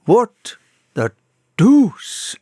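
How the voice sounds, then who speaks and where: A man voicing a nervous, curious male villager in an audiobook, speaking in hushed, excitable asides. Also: high voice, very slow, dry recording, studio quality, voice pushed up, full character voice.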